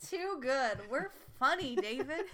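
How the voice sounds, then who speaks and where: A woman's voice: sits high, expressive, slow, pushed and bright. A woman in a casual chat, laughing often and teasing in exasperation over odd spellings. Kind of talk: casual chat, pronunciation game.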